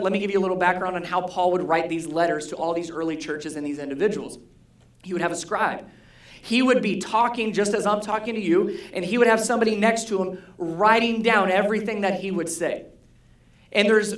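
Roomy-sounding pastor quizzing the congregation. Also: medium pitch. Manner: asks the congregation questions, repeats key words. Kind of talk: conversational sermon. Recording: roomy hall echo.

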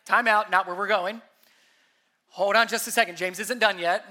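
A man preaching a sermon as pastor, emphatic, asking rhetorical questions, his voice rising and dropping sharply in loudness. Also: high voice, steady tone, moderate pace.

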